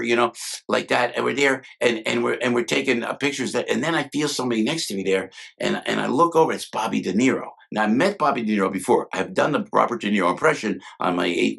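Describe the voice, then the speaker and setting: Older guy w a gravelly voice, tells stories fast and acts out what people said, keeps restarting. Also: medium pitch, sharp tone. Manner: talks fast with many restarts and acted-out quotes. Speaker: guest, former sketch comedy cast member. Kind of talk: animated storytelling with impressions.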